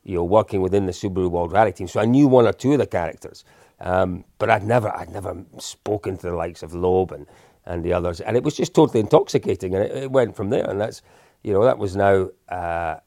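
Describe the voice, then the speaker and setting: A man's voice: sits low, fast, mellow, no echo, studio quality. A man in his fifties, a guest telling casual stories in a chatty, self-deprecating way with lots of restarts. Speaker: interview guest. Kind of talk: casual storytelling.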